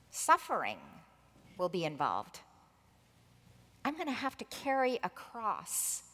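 A woman preacher voicing a man who speaks quietly and gravely about coming suffering, within a sermon. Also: on the high side, in a large hall, exaggerated voice. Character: sober adult male teacher foretelling his suffering.

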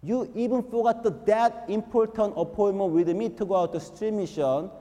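A man voicing God in a soft, measured rebuke, heard with a long hall reverb. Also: sits high, pitched above the performer's own voice, close to an everyday voice. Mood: gently chiding.

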